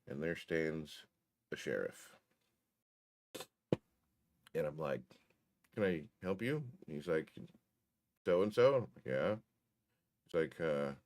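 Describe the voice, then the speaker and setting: A man telling a story in casual chat, profane and wry. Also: low voice.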